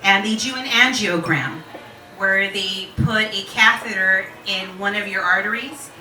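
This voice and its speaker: A woman in her forties telling a personal story to a live audience, candid and animated, laughing and swearing freely. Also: mid-range voice, a little slow, roomy sound, distant mic, slight background noise, poor audio. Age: 40s.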